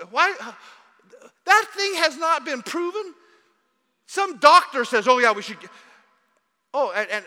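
A pastor delivers a sermon in a church, his voice high and very bright. He shifts between hushed asides and loud, mocking jabs, and the hall gives the sound a long reverb.

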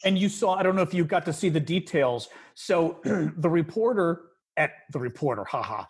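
A man's voice: moderate pace, breathy edge. A man hosting a podcast, chatting casually about politics and getting worked up when indignant. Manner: animated, rising pitch when indignant. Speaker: podcast host.

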